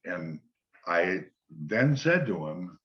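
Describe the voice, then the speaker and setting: An older man, a former football player, relaxed as he tells long anecdotes in an interview and quotes the people in them. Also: low voice, slow pace. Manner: relaxed anecdotal storytelling, quoting others. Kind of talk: storytelling interview. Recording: dull lo-fi sound.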